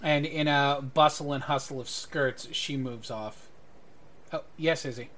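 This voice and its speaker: A man narrating as game master of a tabletop role-playing game, relaxed and hesitant with frequent pauses. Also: medium pitch.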